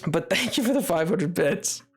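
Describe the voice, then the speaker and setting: A man streaming a game, chatting casually into a desk microphone, excitable, laughing often and bursting into exclamations. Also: sits high, moderate pace, husky, faint music behind. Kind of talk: casual gaming livestream chat.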